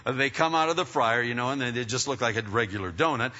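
Preacher guy rambling thru a story, bright voice, long echo, kinda muffled. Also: medium pitch, fast talker. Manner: rambling, animated storyteller with many restarts. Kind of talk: sermon storytelling. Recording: dull, echoey hall sound.

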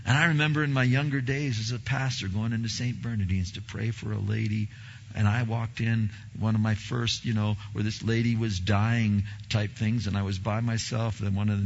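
A man preaching a sermon as a pastor, telling stories in an animated way and acting out the dialogue. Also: on the low side, brisk, gravelly, slightly rough, lo-fi sound. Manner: animated storytelling, acts out dialogue, repeats words.

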